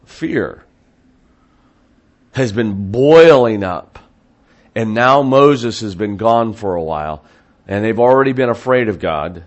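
In a fairly low, expressive voice, a man preaches as a Bible teacher, speaking slowly with long pauses. His delivery is conversational, full of restarts and asides, and he reads scripture quotes in a raised, emphatic tone.

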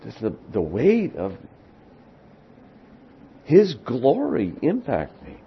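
A man preaching a sermon as pastor, speaking with deliberate emphasis that swells into loud, excited peaks. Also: medium pitch, breathy edge, highs cut off.

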